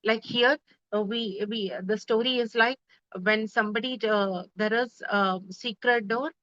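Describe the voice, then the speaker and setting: A woman's voice: on the high side, fairly even intonation, unhurried, sharp tone, dry recording. Woman meditation teacher; earnest spiritual talk, rhetorical questions; dry, muffled recording. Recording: dull, dry sound.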